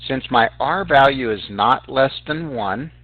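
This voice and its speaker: A man's medium-pitched voice, a little slow but with lively intonation, leads a recorded math lesson on sequences. He narrates his calculator steps one by one and speaks straight to the students, calling them "guys." There's no room sound, just a dry, tinny, phone-like tone.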